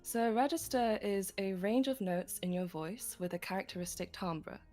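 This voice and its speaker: A woman's voice: medium pitch, normal speed, a little mellow, faint music behind. A woman teaching singing technique on a livestream, explaining step by step with frequent light laughs. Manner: patient, giggly, explains step by step.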